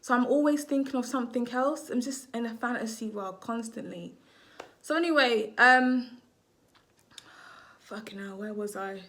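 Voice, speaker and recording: A woman's voice: fairly high pitch, moderate pace, a bit bright. A woman astrologer talking casually to camera, rambling, swearing freely and often losing her train of thought.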